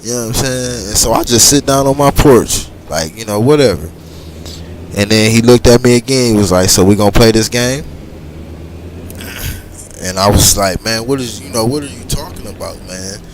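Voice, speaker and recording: A middle-aged man telling a long personal story casually while gaming, rambling and animated. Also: lowish voice, brisk, a little hiss or hum. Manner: animated, rambling, frequent "you know what I'm saying". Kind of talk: casual storytelling over gameplay.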